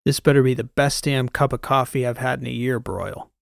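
A man voicing a gravelly, sardonic commander. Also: mid-range voice, a little fast, no echo, clean studio sound, natural voice. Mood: mocking. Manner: blunt, mocking, barking orders. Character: brusque sardonic male special-ops commander, hardened. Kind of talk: audiobook character voice.

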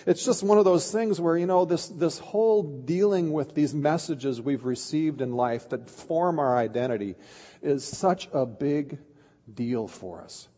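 Pastor preaching in a reverberant hall. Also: male voice, fairly high pitch, unhurried, mellow. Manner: candid storytelling with frequent restarts. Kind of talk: sermon. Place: church sanctuary. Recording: dull sound with long hall reverb.

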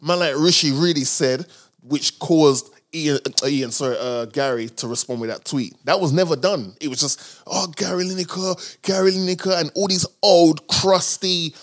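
A man co-hosting a podcast, talking in animated, slangy casual chat. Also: a little high, moderate pace, hardly any pauses. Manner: animated, slangy, puts on comic voices when quoting others. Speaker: podcast co-host.

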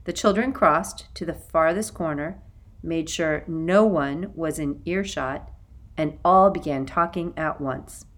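A woman reading a children's novel aloud as an audiobook narrator, in an expressive storytelling manner. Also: deep voice, slow pace. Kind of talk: scripted narration.

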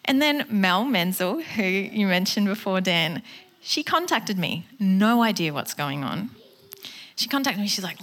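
A woman's voice: mid-range voice, very animated, a little slow, fairly bright tone. A woman shares her testimony from the front of a church gathering, in an earnest and conversational tone. Her voice sits in a middle range, and she jumps into livelier voices when she quotes others. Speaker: guest speaker. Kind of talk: personal testimony sermon.

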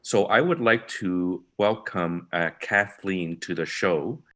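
A man's voice: deep voice, slow, fairly bright tone. A man hosting a podcast, explaining his points methodically through lists and repetition. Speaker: podcast host.

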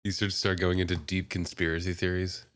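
A man co-hosting a podcast chat, mostly chiming in with short, skeptical remarks. His voice sits very low, and the sound is dry and close. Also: level tone, fairly quick, a bit bright, no echo. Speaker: podcast co-host. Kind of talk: casual chat.

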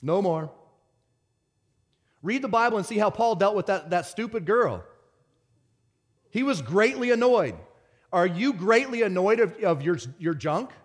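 Fiery preacher man, loud and earnest. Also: sits high, moderate pace. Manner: swings from shouted excitement to quiet earnest talk. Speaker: pastor. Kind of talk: sermon.

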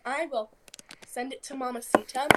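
A woman's voice: sits high, moderate pace, heavy background noise. A young woman co-hosting a casual podcast with friends, rambling and giggly in a goofy way. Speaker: podcast co-host. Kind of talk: casual chat among friends.

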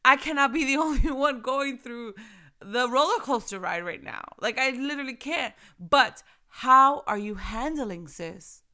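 A woman's voice: high-pitched, lively intonation, a little slow, sharp tone. A young woman hosting a casual faith podcast, chatty and earnest, repeating phrases and laughing often. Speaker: podcast host.

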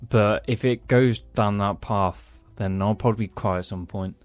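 A man's voice: on the low side, measured pace, dry recording, faint music behind. A man co-hosting a podcast, talking in a rambling, sweary, casual way. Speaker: podcast co-host. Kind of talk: casual chat.

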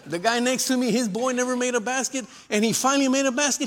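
A man delivers a sermon in a fairly high voice, calling out for witnesses and amens and mixing scripture with jokes. His words ring with a long reverb from the church hall around him. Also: quick pace, slight background noise. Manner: lively preacher with call-and-response and humor. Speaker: pastor. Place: church sanctuary.

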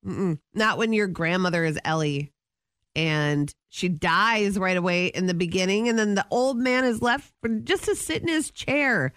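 A woman's voice: medium pitch, fairly bright tone, clean tone, dry recording, clean studio sound. A middle-aged woman co-hosting a morning radio show, chatting casually and rambling through her day. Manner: chatty, rambling, quick asides. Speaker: radio co-host.

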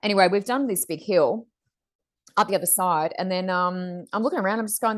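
A middle-aged woman co-hosting a podcast, telling stories in a chatty, animated way and acting out other people's lines. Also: on the low side, brisk. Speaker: podcast co-host. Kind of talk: casual storytelling chat.

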